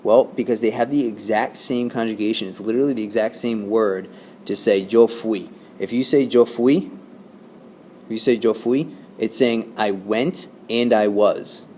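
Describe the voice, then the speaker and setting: A man's voice: lowish voice, steady tone, moderate pace, darkish tone, a little hiss or hum. A man teaching a Spanish lesson to his class, explaining patiently and checking in with "okay?" and "right?".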